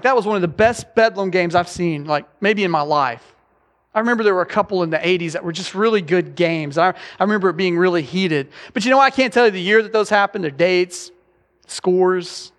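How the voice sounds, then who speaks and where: A middle-aged pastor preaches in an easy, joking way, throwing asides to the congregation. His voice sits high for a man. The church hall gives it a long trailing reverb. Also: a bit bright. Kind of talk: sermon. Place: church sanctuary.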